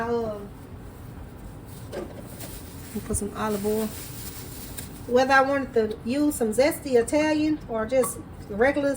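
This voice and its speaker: A woman's voice: a little high, a little hiss or hum, rough recording. A woman chatting folksily to viewers while she prepares food in her home kitchen. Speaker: home cooking vlogger. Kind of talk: casual cooking chat to camera.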